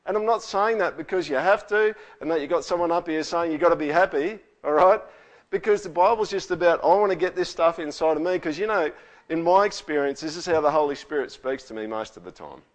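A man's voice: a little high, brisk. A man preaching a sermon in a conversational way, often checking in with tags like "all right?". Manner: conversational, with frequent rhetorical tags. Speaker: pastor.

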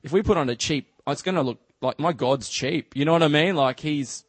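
An Australian man speaking to a church in a loose, conversational way, his sentences full of "just" and "you know". His voice sits a little higher than most men's, and the sound is close and dry, with almost no room echo. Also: fairly quick, breathy edge. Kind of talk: casual storytelling sermon.

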